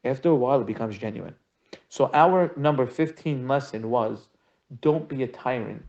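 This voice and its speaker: A man's voice: medium pitch, moderate pace. Rabbi guy teaching a marriage class, acts out the dialogue, kinda dull lo-fi sound. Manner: expressive, acts out quoted conversations, repetitive emphatic phrasing. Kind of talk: animated Torah lesson with acted-out dialogue. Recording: dull lo-fi audio.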